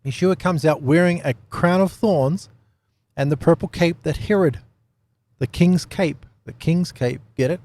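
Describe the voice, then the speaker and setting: A man's voice: fairly high pitch, unhurried, darkish tone. Chatty man giving casual Bible teaching. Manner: chatty, laughs often, asks "right?".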